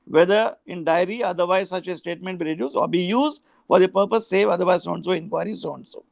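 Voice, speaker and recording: A man's voice: sits high, quick pace, vocal fry, no echo. A man with an Indian English accent giving a law lecture, reading statute sections aloud and slipping into Hindi asides. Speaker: law professor.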